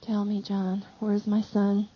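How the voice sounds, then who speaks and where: A woman voicing a gentle, heartbroken grieving mother who speaks softly in short, paused sentences. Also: medium pitch, completely flat delivery, slightly rough. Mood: hushed. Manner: soft, hushed, speaks in short pauses as if panting. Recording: slightly dull lo-fi audio.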